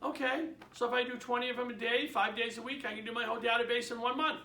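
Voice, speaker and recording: Boston guy teaching real estate, real high bright voice, kinda far off in an echoey room. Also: fast talker. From Boston area. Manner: energetic and emphatic, acts out phone calls. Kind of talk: instructional talk. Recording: echoey room, speaker away from the mic.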